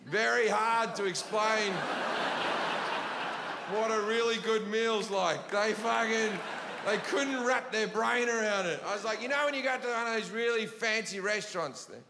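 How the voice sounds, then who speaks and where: A stand-up comedian with a high voice and vocal fry talks a little slowly as he rants through blunt, profane stories. He performs live in a large venue, the hall reverberant and full of audience noise and laughter.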